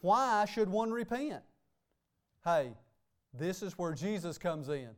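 High-voiced preaching man. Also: expressive, slow. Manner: emphatic, punctuates with "hey" and "okay". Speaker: pastor. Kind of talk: sermon. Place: church sanctuary.

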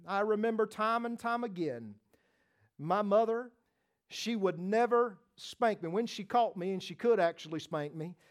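A man with a high-pitched voice delivers a sermon from the pulpit. He repeats phrases for weight and swings between loud, emphatic declarations and soft, hushed lines. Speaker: preacher.

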